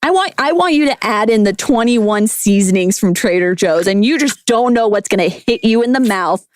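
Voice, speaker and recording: A woman's voice: medium pitch, moderate pace, a little hiss or hum. A woman who used to be a food scientist, a podcast guest riffing playfully on words in casual chat. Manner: animated, silly, riffing on words.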